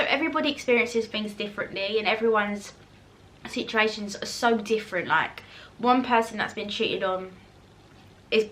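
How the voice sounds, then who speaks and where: A woman's voice: medium pitch, pushed and bright, slight background noise. A woman, chatting casually to camera as she answers viewer questions, rambling with fillers and restarts. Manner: eating while talking at times. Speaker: YouTuber.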